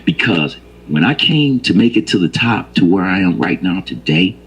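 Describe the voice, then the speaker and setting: A man's voice: low voice, very animated, moderate pace, slightly rough, low-quality recording. An older man telling stories and ranting in a casual, profane, emphatic way. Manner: profane, emphatic, rises to heated preaching. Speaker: storyteller. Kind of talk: casual storytelling rant.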